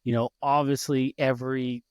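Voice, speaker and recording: A man in his thirties hosting a casual podcast interview, lively and quick to act out his kids' voices. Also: medium pitch, smooth, dry recording, clean studio sound. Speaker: podcast host.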